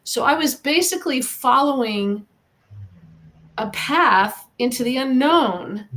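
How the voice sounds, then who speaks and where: A woman's voice: sits high, expressive, slow pace, a bit bright. A middle-aged woman from the United States, a guest in an interview, speaking earnestly and encouragingly about her own path. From Eastern Washington, US. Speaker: guest, animal communicator. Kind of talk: podcast interview.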